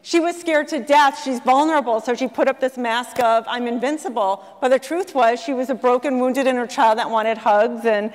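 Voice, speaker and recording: A woman with a high voice tells a story from the stage of a large conference hall. She acts out the voices of the people she quotes, and the sound rings with a long hall reverb. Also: normal speed, few pauses. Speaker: speaker at a conference. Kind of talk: storytelling talk to an audience.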